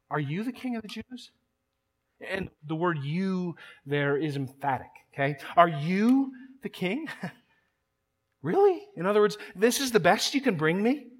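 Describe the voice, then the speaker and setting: A man delivers a sermon with emphatic conviction, doubling his words as he presses each point. His voice sits high for a man. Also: fairly bright tone. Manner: emphatic preaching, repeats words when building a point. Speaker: pastor.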